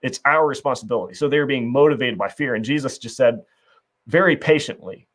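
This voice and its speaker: A man's voice: mid-range voice, normal speed. Earnest man musing with restarts. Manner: earnest, reflective, frequent restarts. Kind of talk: conversational faith discussion.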